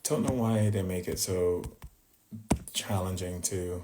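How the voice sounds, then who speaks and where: A man with a fairly low voice leads a live-streamed spiritual talk. His delivery is loose and conversational, full of restarts and side remarks. At times he drifts into quiet muttering to himself. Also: steady tone, slow, faint music behind. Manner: conversational and rambling, with restarts and asides; distracted by screen trouble, muttering to himself. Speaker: spiritual teacher hosting a livestream.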